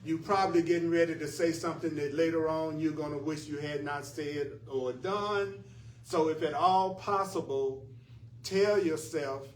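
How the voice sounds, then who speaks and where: Guy teaching a spiritual class, earnest and emphatic, kinda high voice, faint background hum. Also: normal speed. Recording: echoey room from far off, faint ambience.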